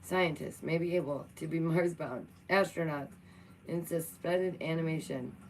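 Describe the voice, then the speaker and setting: Chatty young woman with a low voice. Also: a little slow, a little hiss or hum, poor audio. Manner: playful, chatty, talks to her cat between reading. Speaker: vlogger. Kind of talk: casual chat reacting to news.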